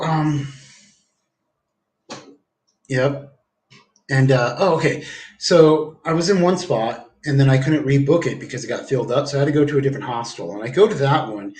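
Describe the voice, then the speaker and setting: A man rambling through a profane, jumpy livestream monologue from home. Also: medium pitch. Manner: rambling, profane, jumps around the story. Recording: echoey room.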